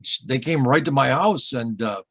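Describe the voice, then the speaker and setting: Husky man telling a rambling story. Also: mid-range voice, expressive, fairly bright tone, no room sound. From Michigan, USA. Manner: rambling, halting, with many repeated starts and asides. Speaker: interview guest recounting a UFO encounter. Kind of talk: emotional storytelling in a casual interview.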